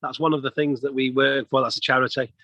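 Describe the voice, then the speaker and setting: A man's voice: medium pitch, little pitch movement, fast talker, bright, forceful tone, dry recording, highs cut off. A man, a plumber telling stories as a guest in a casual interview. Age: 50s. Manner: chatty storyteller, many restarts.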